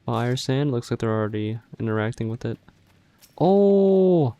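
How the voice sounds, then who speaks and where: A man's voice: medium pitch, level tone, a little fast, creaky, darkish tone, clear, resonant tone, highs cut off. A man casually narrating his moves while streaming a game, tired and mumbling as he plays. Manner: mumbled play-by-play, trailing off. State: sleepy. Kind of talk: casual gaming livestream commentary.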